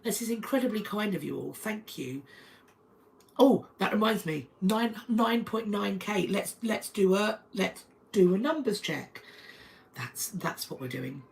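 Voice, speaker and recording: A woman talks on a live stream from home. Her mid-range voice has a gravelly fry, and her delivery is chatty, restarting sentences as she thanks viewers by name. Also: mid-range voice, expressive, unhurried, poor audio. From North London, England. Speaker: history channel host.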